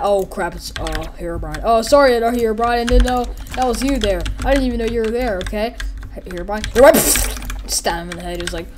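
A woman's voice: a little high, quick pace, a little hiss or hum. A woman giving casual, goofy gameplay commentary, rambling as she narrates the action and acts out every character.

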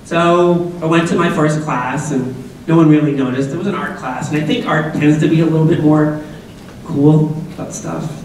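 A middle-aged man from Massachusetts, USA, tells a personal story conversationally at a school assembly, quizzing the audience and tossing in jokey asides. His fairly high voice is steady, a little mellow and at normal speed, heard from far off in a very echoey hall with slight background noise.

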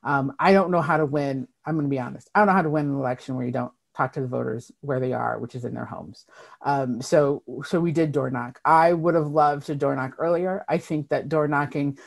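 A woman's voice: deep voice, a little fast, gravelly. Earnest woman party chair on a video call. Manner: earnest, emphatic, with frequent ums and restarts. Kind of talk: answering members' questions in an online meeting.

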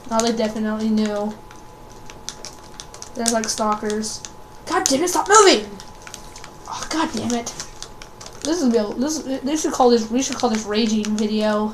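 High-voiced woman cursing through gameplay. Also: unhurried, long pauses, a little hiss or hum. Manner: swears often, rambling and excitable. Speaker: gaming video creator. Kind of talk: casual gameplay commentary.

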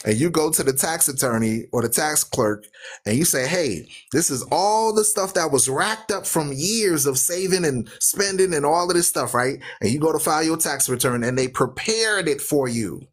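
A man hosting a radio talk show who preaches loudly and emphatically, asking listeners "right?" and driving points home with rhythmic repetition. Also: on the high side, expressive, moderate pace, breathy edge. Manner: asks listeners questions with "right?".

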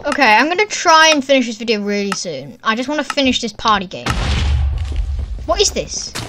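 Excitable high-voiced woman gaming. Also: brisk. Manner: excitable, exclaiming and thinking aloud. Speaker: gaming channel host. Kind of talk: gameplay commentary. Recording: keyboard clicks and typing in background. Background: keyboard typing noise.

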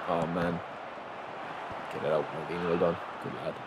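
Excitable man calling his football game. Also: deep voice. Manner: excitable, reacting aloud, keeps calling viewers lads. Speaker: gaming channel host. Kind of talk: live football video game commentary. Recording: noisy game sound mix.

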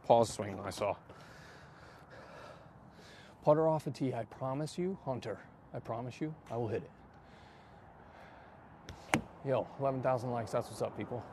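Excitable man at a noisy driving range. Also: medium pitch, moderate pace, pauses often. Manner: excitable, swears, self-mocking, loud outbursts. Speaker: golf vlogger. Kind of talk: casual range-session chat to viewers.

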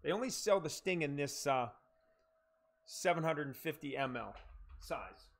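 A man streaming a game live, cheering on viewers with chanted catchphrases and muttering low asides in between. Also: animated, measured pace, slight background noise.

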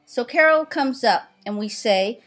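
Shu, a woman doing a brisk sock puppet. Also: on the high side, animated, fairly bright tone. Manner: brisk, directing, playful. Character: bossy little sock puppet Shu, the show's planner. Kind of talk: puppet show rehearsal.

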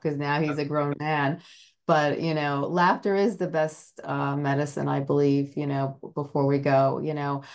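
Woman host, low voice, monotone delivery, rambling chat, lots of fillers, earnest and admiring. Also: clean tone. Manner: rambling, full of "you know" fillers. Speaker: podcast host. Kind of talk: casual interview chat.

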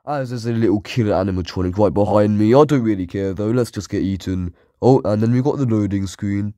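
A man's voice: lowish voice, fairly quick, warm tone. Man, gaming commentary, jumpy, taunting, faint music behind. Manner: jumpy, shrieks at scares, taunts the enemies. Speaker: gaming YouTuber. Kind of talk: let's play commentary.

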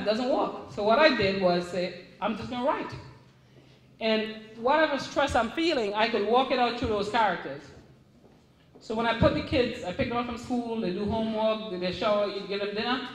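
A middle-aged woman with a Caribbean English accent, an author speaking to a live audience at a book signing in a chatty, animated way. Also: on the high side, distant mic, slight background noise. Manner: chatty, animated storytelling with restarts. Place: event room. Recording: echoey room.

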